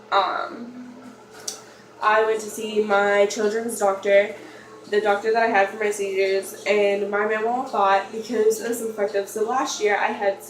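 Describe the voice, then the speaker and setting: Young woman vlogging from an echoey room. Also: mid-range voice. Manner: rambling, confessional, many fillers and restarts. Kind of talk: personal storytelling vlog. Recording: echoey room, mic far off, faint noise.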